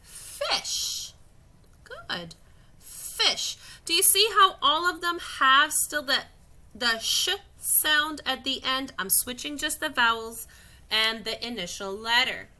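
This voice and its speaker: Bright-voiced woman teaching phonics slowly. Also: high voice, lively intonation. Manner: slow, patient and encouraging, stretching out sounds. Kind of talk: phonics lesson for young children.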